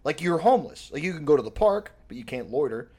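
A man on a casual podcast, telling stories in a rambling, profane, animated way. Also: fairly high pitch, quick pace, slightly rough. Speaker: podcast co-host. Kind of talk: casual comedic chat.

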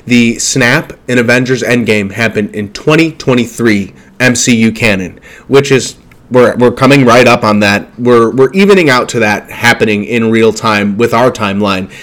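A man's voice: medium pitch, moderate pace, a bit bright. A man giving a casual, enthusiastic fan recap of an episode, chatty and full of small restarts. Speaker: show recapper.

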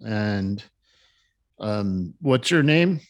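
A man's voice: fairly low pitch, animated, very slow, no echo, dull audio. Brief: man doing a no-nonsense male guard, official and probing. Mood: questioning. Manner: questioning, businesslike.

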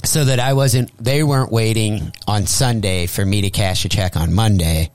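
A male comedian from St. Louis telling a crude story on a radio show, profane and animated, acting out the voices in his tale. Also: on the low side, normal speed, no room sound. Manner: profane, animated, acts out quotes. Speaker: comedian guest.

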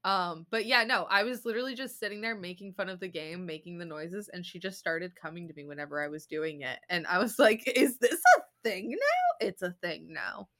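A woman's voice: on the low side, fairly quick, hardly any pauses, bright, forceful tone. A young woman co-hosting a podcast in casual chat, rambling with lots of fillers and giggles. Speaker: podcast co-host.

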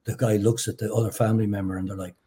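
A man as a podcast guest, riffing dark jokes in casual chat with a dry delivery and plenty of swearing. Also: lowish voice, little pitch movement, racing.

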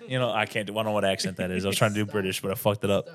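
A man with a fairly low voice talks as a podcast guest. He rambles in loose, casual chat, restarting sentences and swearing as he goes. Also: level tone, very fast.

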